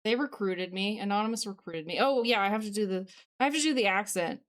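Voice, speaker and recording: A woman's voice: mid-range voice, expressive, quick pace. A woman streaming live, chatting casually and talking straight to her viewers at a home desk microphone. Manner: chatty, talks straight to viewers, reacts to chat.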